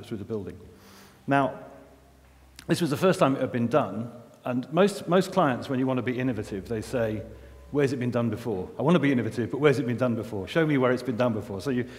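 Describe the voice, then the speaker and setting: A man's voice: medium pitch, darkish tone. A middle-aged man giving a conference talk, chatty and self-deprecating, with many restarts and asides. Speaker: environmental engineer giving a festival talk. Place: festival venue with long reverb. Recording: reverberant hall recording.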